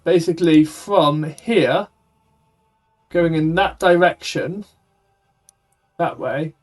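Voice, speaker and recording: A man playing a tabletop game, thinking aloud deliberately with pauses. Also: a little high, faint music behind. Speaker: player. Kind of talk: casual tabletop game play.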